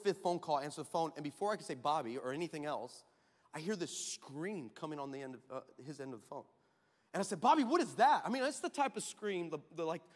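A man preaching a sermon as pastor, telling a story in an animated way, acting out quotes and laughing often. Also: on the high side. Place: large church hall. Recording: reverberant church hall.

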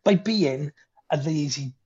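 A Welsh man appears as a podcast guest, casually chatting about a film and animatedly acting out its lines. His voice is on the high side, expressive, husky and a little mellow, and he speaks slowly; the recording is dull and lo-fi.

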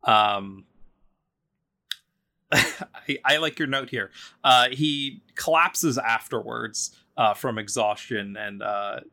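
A man talking casually on a podcast, retelling a story with frequent ums and likes. His voice has a bright, clear tone. He meanders and lightly acts out the characters' lines as he goes. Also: medium pitch, slow, long pauses. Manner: chatty, full of ums and likes, voices quotes loosely.

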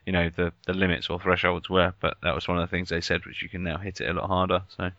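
Deep, bright-toned southern English man. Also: level tone, fast, dry recording. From Surrey, England. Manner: explains in loose, filler-heavy sentences. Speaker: podcast co-host. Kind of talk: casual podcast chat. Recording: slightly muffled dry recording.

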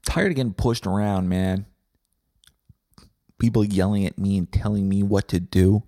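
A man's voice: on the low side, normal speed, long pauses, warm tone, no room sound, clean studio sound. A man hosting a podcast, delivering a profane, combative comedic rant. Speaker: podcast host.

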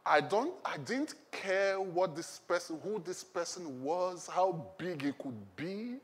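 A man's voice: high-pitched, lively intonation, slow. A male pastor preaching a sermon in a conversational way, often asking the congregation questions.

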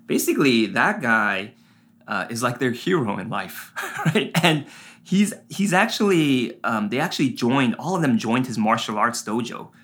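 A man, a pastor, preaching a sermon and telling a personal story in an animated way, full of fillers and asides. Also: medium pitch, moderate pace.

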